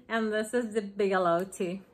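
A woman chatting excitedly on her home craft vlog, gushing over gifts she received. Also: mid-range voice. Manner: gushing, excited, slow-paced. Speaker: craft vlogger. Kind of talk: casual vlog chat.

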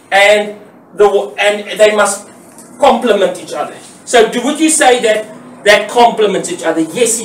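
Man lecturing from far off the mic. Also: high-pitched. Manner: explains step by step, repeats key words, asks rhetorical questions. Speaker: graphic design teacher. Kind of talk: classroom lecture. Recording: roomy echo, voice from far off the mic.

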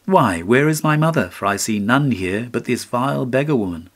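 A man's voice: fairly low pitch, steady tone, moderate pace, fairly bright tone. An actor reading an audiobook, voicing a proud, cruel young boy who speaks in a haughty, scornful way.

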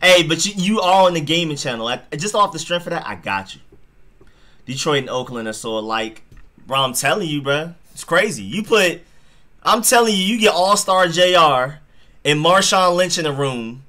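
Young man, bright tone, slangy casual football stream host, animated reactions. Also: on the high side, moderate pace. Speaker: sports live-stream host. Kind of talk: casual live-stream commentary.

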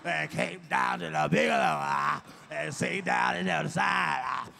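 A man's voice: a little high, a little slow, creaky, bright, forceful tone, raised voice, slight background noise, pitched below the performer's own voice, full character voice. A male comedian imitating a preacher who hollers and growls his sermon in a sing-song chant. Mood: hollering. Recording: live stage recording with hall reverb.

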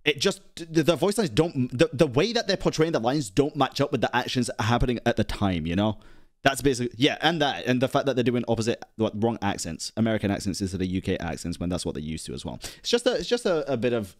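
A man's voice: medium pitch, very animated, fast talker, no echo, studio quality. A man streaming, talking casually and bluntly as he reacts to a video, arguing and swearing.

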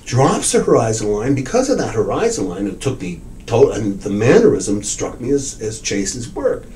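An older male art dealer recounts his deals with lively energy, loudly acting out both sides of old arguments and cursing as he goes. His voice sits in an ordinary middle register. A faint hiss of ambient noise runs underneath. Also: mid-range voice, normal speed, poor audio. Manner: animated storyteller, acts out quotes, swears. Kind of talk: oral history interview, storytelling.

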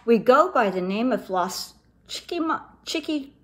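A woman acts out the biggest of a storybook gang of tiny male chihuahuas. He speaks solemnly and grandly, with a lively, swooping voice. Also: a little high, measured pace, pitched above the performer's own voice.

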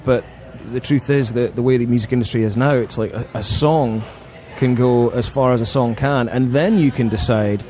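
A musician chatting casually in a bar about the music business, rambling with restarts. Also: male voice, mid-range voice, moderate pace, few pauses, dark tone. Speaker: musician guest.

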